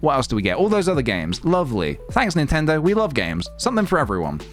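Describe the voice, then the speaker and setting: A man's voice: a little high, wildly swooping pitch, quick pace, faint music behind. A man streaming late at night in casual, rambling, wry chat. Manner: rambling, wry, self-mocking.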